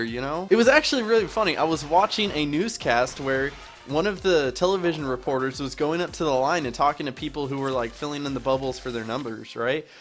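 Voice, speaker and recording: Young man, chatty gaming commentary, self-mocking, slightly high voice, faint music behind. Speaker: gaming YouTuber. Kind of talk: casual let's-play commentary. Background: soft background music.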